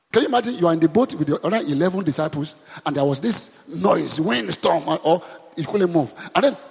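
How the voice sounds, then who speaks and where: A pastor delivers a sermon, calling out repeated questions and encouraging the congregation to answer back in call-and-response style. His voice is on the high side, a little mellow, with a breathy edge, and it rings with long hall reverb.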